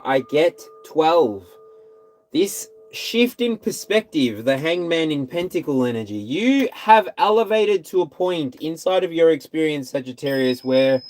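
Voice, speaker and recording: Animated man giving a tarot reading. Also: on the high side. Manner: animated, repeats phrases, breaks into scat singing and whoops. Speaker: tarot reader. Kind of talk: casual spiritual tarot reading.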